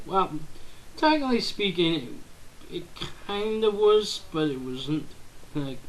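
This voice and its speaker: A man's voice: sits high, big pitch swings, slow, a little hiss or hum, rough recording. A man rambling goofily over a game, drifting off topic and breaking into silly bits of song. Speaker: let's play gamer. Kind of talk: rambling gameplay commentary.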